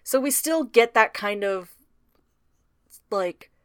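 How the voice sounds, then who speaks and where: Dry-sounding, bright-pitched woman podcaster. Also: animated, clean tone, no room sound. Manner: swears freely, retells scenes in quick quoted voices. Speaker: podcast co-host. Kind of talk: casual book-club chat.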